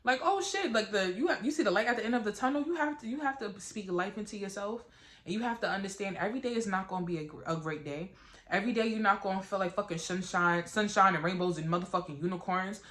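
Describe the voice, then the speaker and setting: A woman's voice: mid-range voice, quick pace. Blunt, profane woman vlogger. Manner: blunt, profane, animated, repeats "you get what I'm saying". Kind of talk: casual chat to camera.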